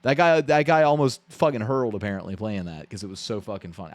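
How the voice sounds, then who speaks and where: A man's voice: lowish voice, fast talker, no room sound. A man live-streaming his reactions to a game showcase, ranting bluntly and profanely with frequent restarts.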